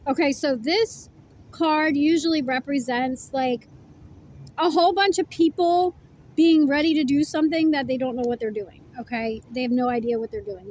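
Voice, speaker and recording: A woman's voice: sits high, darkish tone, a little hiss or hum, low-quality recording. A woman giving a casual tarot reading to camera, blunt and profane, chewing food while she talks. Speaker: tarot reader.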